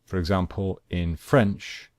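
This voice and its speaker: Male teacher, low voice, measured and unhurried grammar lesson, dry close sound. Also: fairly even intonation, a little mellow, no echo. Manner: slow, deliberate, repeats examples. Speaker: English teacher.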